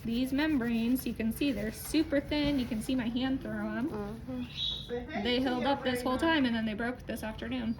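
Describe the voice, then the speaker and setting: A woman's voice: on the high side, steady tone, normal speed, a loud crowd, poor audio. A woman nurse patiently explaining in a hospital room, often checking in with "okay?". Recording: loud room noise, off-mic.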